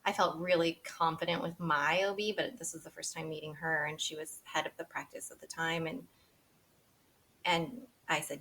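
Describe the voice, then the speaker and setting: A woman in her thirties speaks as a podcast interview guest and shares a personal story. Her voice sits a little low for a woman, yet it sounds bright and forward. She talks candidly and with feeling, laughs easily, and acts out what she and others said. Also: little pitch movement, normal speed, a little hiss or hum. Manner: candid and emotional, laughing often, quoting herself and others.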